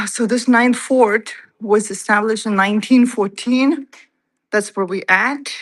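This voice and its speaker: A woman's voice: a little high, slow, poor audio. A woman streams a walk-through of an old fort museum indoors, a little out of breath. She reads the display cards aloud and chats to her viewers between exhibits. Her voice comes through a handheld phone mic. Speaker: livestream host. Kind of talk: casual livestream museum tour.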